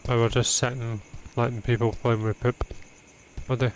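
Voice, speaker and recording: A man's voice: medium pitch, flat delivery, moderate pace. A young man giving profane, exasperated commentary while playing a video game. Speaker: gaming channel host. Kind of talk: let's play commentary.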